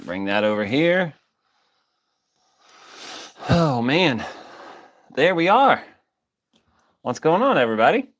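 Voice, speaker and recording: A man hosts a casual livestream, reading chat, joking loosely and greeting viewers by name while coughing and sounding a bit wheezy. His voice is fairly high and fairly bright, with big pitch swings, a slow pace, and frequent pauses.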